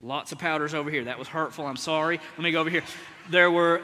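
A man's voice: on the high side, fast, pushed and bright. A male pastor preaching energetically in a church, joking with and teasing the congregation. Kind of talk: sermon. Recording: long church hall reverb.

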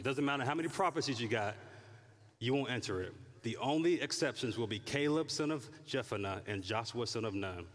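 A man's voice: mid-range voice, a little fast. Man preaching in a reverberant hall. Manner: animated, acts out prayers and complaints in character voices. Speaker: pastor. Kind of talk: sermon.

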